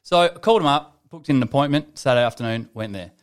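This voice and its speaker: A young man, co-hosting a casual podcast. He tells animated, exasperated stories, swearing freely, in a mid-range voice. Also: medium pitch, quick pace. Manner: swears a lot, animated storytelling. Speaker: podcast co-host.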